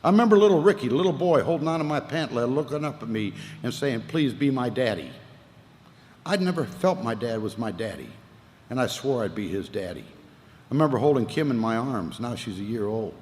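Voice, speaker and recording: A man's voice: mid-range voice, very animated, fairly quick, a little mellow. A man giving a personal testimony talk at a recovery meeting, telling his story with earnest feeling and casual Southern speech that swells and sinks. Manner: casual Southern speech, 'ain't' and 'wasn't no'. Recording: reverberant hall, faint ambient noise.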